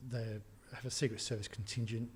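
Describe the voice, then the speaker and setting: A middle-aged man, a tech entrepreneur as interview guest, telling anecdotes with laughs and quick restarts. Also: mid-range voice, level tone, slight background noise. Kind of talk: casual storytelling in a podcast interview.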